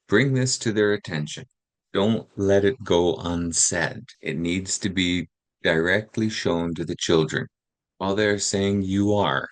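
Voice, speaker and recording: A man narrating instructional guidance for teaching, speaking in a calm, explanatory way. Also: low voice. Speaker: teacher trainer.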